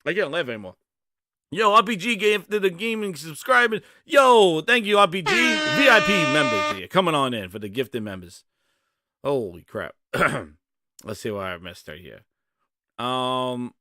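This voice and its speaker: A man hosting a casual gaming livestream, profane and excitable, breaking into laughter often. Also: fairly high pitch, moderate pace, no room sound, clean studio sound. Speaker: gaming show host.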